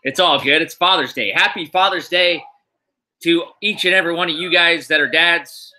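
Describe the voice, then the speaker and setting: A middle-aged man from the US East Coast chats casually while hosting a wrestling podcast on a live stream in a room at home. He rambles, uses many fillers, and sounds tired but upbeat, his fairly high voice bright and forceful at a moderate pace. Audio quality is poor.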